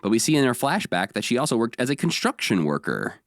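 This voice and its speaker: A man's voice: medium pitch, very animated, quick pace, no echo, studio quality. A man co-hosting a casual podcast, recapping episodes with energy and briefly slipping into voices for the characters. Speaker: podcast co-host.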